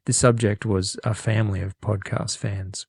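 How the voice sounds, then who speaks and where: A man's voice: fairly low pitch, flat delivery, normal speed, vocal fry, a little mellow, husky, dry recording. A man co-hosting a podcast, casually reading out a listener's email with lots of restarts and laughter. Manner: rambling, laughing, self-correcting. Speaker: podcast co-host. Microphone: studio microphone.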